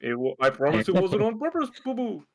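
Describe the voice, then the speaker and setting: Guy doing a goofy cartoon bear, easygoing, gravelly drawl. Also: sits high, very animated, fairly quick, crowd noise, voice pushed up.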